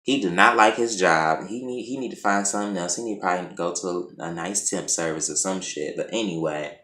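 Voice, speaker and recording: A man's voice: low voice, a little fast, fairly bright tone, reverberant. A man casually recapping a TV episode in loose, slangy storytelling, acting out the characters' lines as he goes. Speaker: TV show reviewer.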